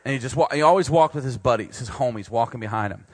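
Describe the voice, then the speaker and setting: A man's voice: medium pitch, fast, no echo. A man preaching a sermon, telling a funny, self-deprecating story about himself and laughing along. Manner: animated, self-deprecating, laughs at his own jokes.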